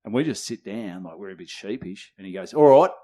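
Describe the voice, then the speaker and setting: Speaking fairly quickly in a low voice, this Australian podcast co-host in his twenties tells a raucous comedy story. He's animated, curses freely and does voices for the people he quotes.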